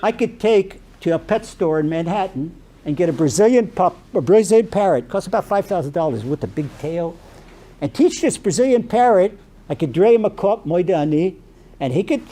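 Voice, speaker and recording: A man as a rabbi giving a storytelling sermon, animated and peppered with Yiddish and Hebrew terms. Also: sits high, normal speed.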